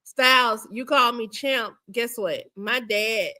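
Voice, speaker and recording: A woman's voice: fairly high pitch, takes it slowly, bright, forceful tone. A woman hosting a casual reaction show, chatty and emphatic, repeating her points. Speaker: show host.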